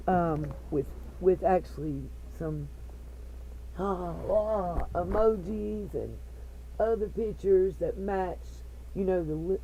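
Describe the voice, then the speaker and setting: A woman hosting her own live stream rants at her chat in anger, swearing a lot. Her fairly low voice is mellow, and the headset mic recording sounds muffled.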